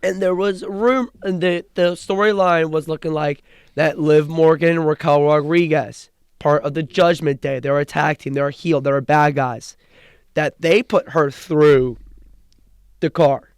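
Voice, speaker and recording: In a casual podcast chat, a young male co-host excitedly runs through a recap, rambling and restarting his sentences. His voice, pitched a little high, comes across as smooth and resonant at an unhurried pace. The recording is dry and close.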